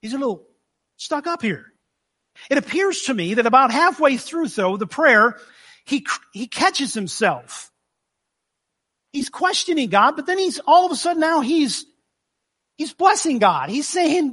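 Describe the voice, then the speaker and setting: A male pastor delivering a conversational sermon with a very high, bright voice. He acts out the scripture as he reads it and questions his listeners directly. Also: sing-song, unhurried, long pauses.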